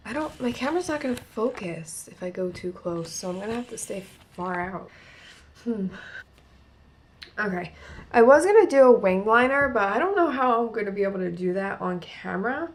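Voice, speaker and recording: A woman's voice: mid-range voice, slight background noise. A young woman from New Jersey with a New Jersey accent, chatting casually through a makeup tutorial with lots of "like" fillers. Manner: chatty, rambling, many "like" fillers. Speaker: beauty vlogger. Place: at home in front of a mirror.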